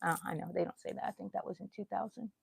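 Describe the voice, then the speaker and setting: A woman's voice: mid-range voice, fairly even intonation, very fast, vocal fry, slightly rough, no echo. A middle-aged woman hosting a live crochet stream from home, chatting with viewers and yawning now and then. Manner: chatty, reads out viewer comments, yawns often. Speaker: crochet livestream host. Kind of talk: casual live chat while crocheting.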